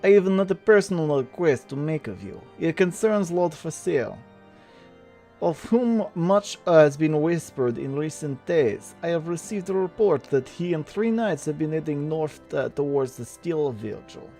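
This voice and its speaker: A man's voice: fairly high pitch, animated, normal speed, mellow, soft background music. A man voicing a solemn quest giver in a mock Russian accent, reading game dialogue aloud.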